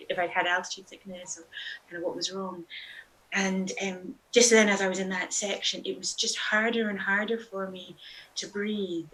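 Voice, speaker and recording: Female interview guest, bright and clear, hesitant rambling delivery. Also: mid-range voice, low-quality recording. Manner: rambling, hesitant, with frequent ums and small laughs. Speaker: guest, long-distance hiker. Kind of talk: casual interview storytelling.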